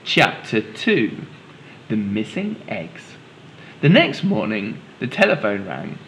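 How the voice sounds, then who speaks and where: Brief: male teacher reading aloud to children, unhurried, lively pitch, patient. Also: vocal fry, a little hiss or hum, low-quality recording. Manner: patient, explains to young listeners. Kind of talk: children's storybook read-aloud.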